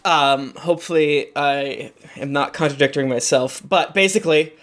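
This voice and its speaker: A man's voice: fairly high pitch, normal speed, fairly bright tone. A man narrating as game master, hesitant with many fillers, who slips into voices for side characters.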